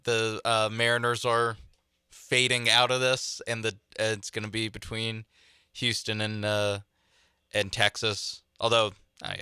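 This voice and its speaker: A man's voice: medium pitch, gravelly, dry recording, studio quality. A man co-hosting a sports talk radio show, musing and correcting himself as he talks. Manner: relaxed, musing, self-correcting.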